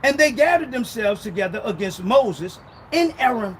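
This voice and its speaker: A man preaching with a very high, lively voice that swoops up and down. He retells scripture in an animated, dramatic way. A faint noise hums behind him. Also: normal speed, poor audio. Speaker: pastor. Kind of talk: sermon.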